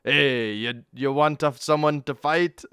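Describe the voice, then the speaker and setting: A man voicing a gruff male dwarf bartender in a loud, halting put-on voice. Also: a little high, dry recording, clean studio sound.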